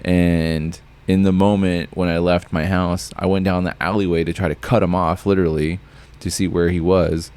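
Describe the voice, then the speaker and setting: A man's voice: deep voice, level tone, moderate pace, darkish tone. A young man co-hosting a podcast, telling a heated, profane story in casual chat. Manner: profane, heated retelling with mimicked voices. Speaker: podcast co-host.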